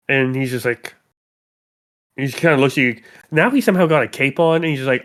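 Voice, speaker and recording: A man's voice: medium pitch, fairly quick, a bit bright, no echo, studio quality. Wry male game master. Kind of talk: narrating a tabletop game.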